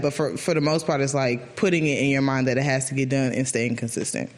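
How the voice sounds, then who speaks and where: A man co-hosting a podcast in casual chat, animated, his voice jumping up when he quotes people. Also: fast talker, few pauses. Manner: animated, jumps high when quoting others. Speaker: podcast co-host.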